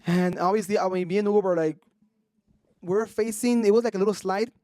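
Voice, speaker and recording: A man's voice: high-pitched, fairly even intonation, brisk, a little mellow, no echo, clean studio sound. A young man telling a story on a podcast, casual and profane, switching between Spanish and English slang. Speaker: podcast co-host.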